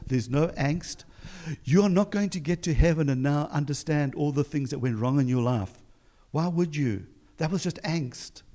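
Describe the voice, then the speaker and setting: A pastor with a South African accent preaches an encouraging sermon in a mellow, mid-range voice. He fills it with emphatic rhetorical questions.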